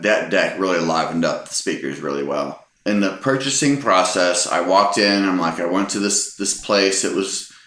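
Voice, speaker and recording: Man, middle-aged, very low voice, bright edge, rambling storyteller, lots of ums, echoey room. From Texas. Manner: rambling, hesitant, many ums. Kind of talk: casual anecdote telling.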